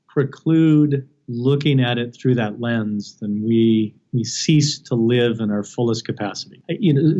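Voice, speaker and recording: A middle-aged male doctor speaks in an earnest, reflective way and often circles back to restart a thought. His voice is mellow and dark-toned, and the recording is slightly dull and lo-fi. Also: medium pitch. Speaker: palliative care physician. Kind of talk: reflective interview talk.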